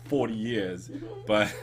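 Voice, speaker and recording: A man's voice: fairly low pitch, lively intonation, drawn-out words. Rambling jokey New man hosting. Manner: rambling, jokey, with frequent ums and laughs. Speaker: show host. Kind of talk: casual comedic chat show.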